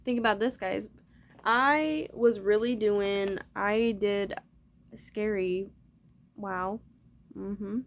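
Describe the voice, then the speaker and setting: A woman's voice: mid-range voice, steady tone, very slow, pauses often, a little hiss or hum. A woman talking straight to her viewers in a loose, rambling monologue, swearing freely as she goes. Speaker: vlogger.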